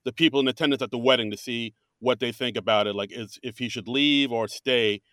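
Another co-host joins the same remote-call podcast about a comedy show, his talk just as meandering and hesitant, full of fillers and false starts. He has a steady, smooth, slightly bright mid-range voice, captured clean and echo-free like a studio.

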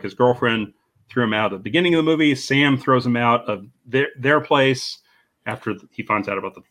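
A man's voice: medium pitch, fairly bright tone. A man hosting a casual movie podcast, chatting and laughing as he recaps a plot. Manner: chatty, laughs often, acts out quotes. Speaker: podcast host.

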